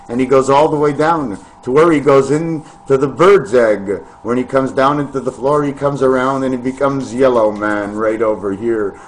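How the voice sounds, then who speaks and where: A man vlogging in a meandering, free-associating monologue to camera, with sudden loud bursts. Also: medium pitch.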